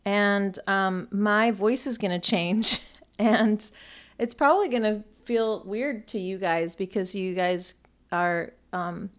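Woman, American accent, from northern England, podcast host, smooth clear voice, rambling, casual. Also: medium pitch, takes it slowly. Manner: chatty, rambling, frequent ums and light laughs. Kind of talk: casual solo podcast talk.

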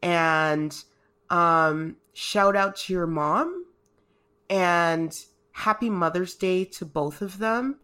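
A woman's voice: on the low side, very slow, a bit bright. A woman co-hosting a podcast in casual chat, heartfelt and rambling, emotional and close to tears. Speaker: podcast co-host.

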